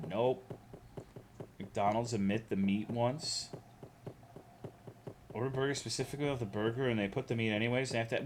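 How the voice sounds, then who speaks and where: A man's voice: medium pitch, fairly even intonation, moderate pace, pauses often. A young American man streaming a game, chatting casually and ranting with lots of swearing while reading chat aloud. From United States.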